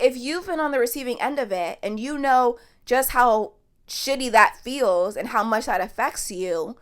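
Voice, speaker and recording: Blunt, emphatic woman podcast host. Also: fairly high pitch. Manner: emphatic, blunt, swears freely. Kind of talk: casual podcast commentary.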